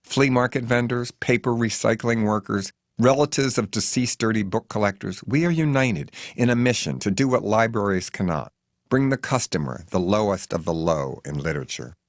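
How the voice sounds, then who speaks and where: A man's voice: lowish voice, expressive, moderate pace, no room sound, studio quality. A man voicing a chatty, earnest middle-aged woman who gives away used books as a cause.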